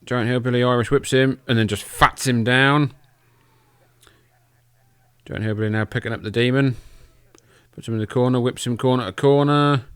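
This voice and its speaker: A man hosts a podcast and gives casual, loose play-by-play over old wrestling tapes, joking and swearing freely. His voice is smooth and resonant. It is recorded close in a dry, deadened room. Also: mid-range voice, fairly even intonation, normal speed, long pauses, no echo. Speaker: podcast host.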